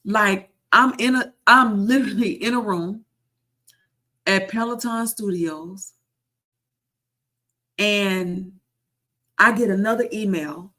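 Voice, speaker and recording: A woman's voice: medium pitch, sharp tone. Emphatic woman telling a story. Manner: emphatic, repeats phrases for effect, slows into preacher-like cadence. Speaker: content creator and online group founder. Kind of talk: casual storytelling vlog.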